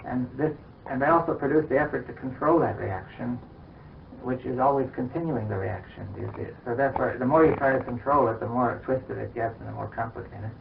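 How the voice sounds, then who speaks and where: A man in a philosophical conversation who reasons slowly and hesitantly, explaining step by step and leaning on "you see.". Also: mid-range voice, gravelly. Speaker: scientist in discussion. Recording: distant, tinny archival recording with faint hiss.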